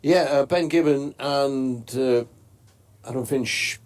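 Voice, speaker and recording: A man's voice: mid-range voice, slow pace, a little mellow. A man commentating on cricket, hesitant and full of fillers, with dry asides. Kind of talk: live commentary chat.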